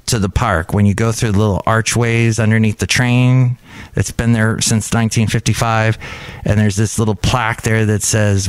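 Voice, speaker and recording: A man's voice: lowish voice, flat delivery, normal speed, clean tone, no room sound. Rambling, chatty man hosting a podcast. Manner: rambling, chatty, drifts between asides. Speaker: podcast host. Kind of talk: casual solo podcast chat.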